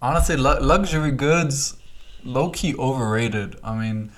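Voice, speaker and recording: A young man with a voice of ordinary pitch co-hosts a casual podcast from a small apartment over a call. He talks in a loose, slangy, easygoing way. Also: a little slow. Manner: laid-back, slangy, chatty. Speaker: podcast co-host. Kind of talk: casual chat.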